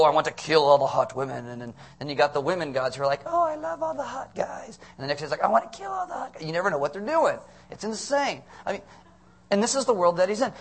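A middle-aged man preaching a conversational sermon as pastor, asking the congregation questions. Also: fairly high pitch.

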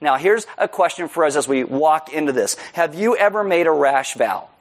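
A man preaching a sermon, joking about himself and acting out a story with loud, high shouted quotes. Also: lively intonation, normal speed. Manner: joking, self-deprecating. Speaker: pastor.

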